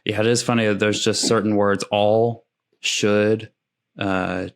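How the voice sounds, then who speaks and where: A man's voice: lowish voice, level tone, a little slow, clean tone. A man hosting a podcast, thinking aloud in a hesitant way with many fillers. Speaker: podcast host. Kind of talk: conversational podcast interview.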